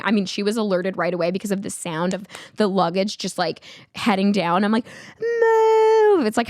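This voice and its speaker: A young woman hosting a podcast, telling a travel mishap in a casual, animated way with many filler words. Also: mid-range voice, dry recording, clean studio sound. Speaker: podcast host. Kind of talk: casual storytelling.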